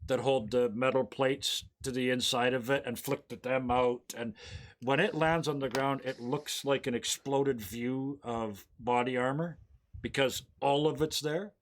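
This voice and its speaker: A man's voice: medium pitch, steady tone, a little slow, slight background noise. A man narrating as game master of a tabletop role-playing game, laughing often and acting out the scenes.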